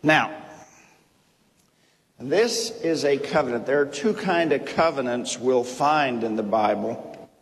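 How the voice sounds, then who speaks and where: A man teaching from the Bible in a sermon, speaking deliberately, repeating key phrases and checking in with "okay?". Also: medium pitch, expressive. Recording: long reverb of a hall.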